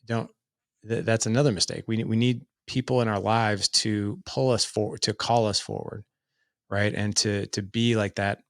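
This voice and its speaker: A man's voice: fairly low pitch, fairly even intonation, moderate pace, creaky, no echo. A middle-aged man telling his story as a podcast guest, earnest and loose, with lots of "like" fillers. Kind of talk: casual storytelling in an interview.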